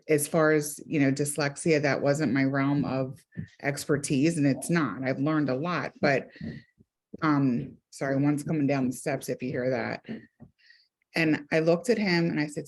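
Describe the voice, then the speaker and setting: Earnest woman counselor on a video call. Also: deep voice. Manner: earnest, emphatic, speaks in repeated phrases. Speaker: counselor and therapist. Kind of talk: casual group video call.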